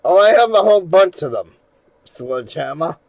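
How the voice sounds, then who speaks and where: A man live streaming in casual chat, rambling and swearing, going from mumbles to loud rants. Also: fairly high pitch, animated, moderate pace, creaky, no echo, dull audio. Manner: rambling, profane, shifts from mumbling to loud ranting.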